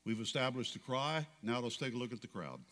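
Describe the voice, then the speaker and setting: A man preaching a sermon as pastor, dramatic, swinging between loud declarations and hushed questions. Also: mid-range voice, sing-song, fairly quick, big-room sound.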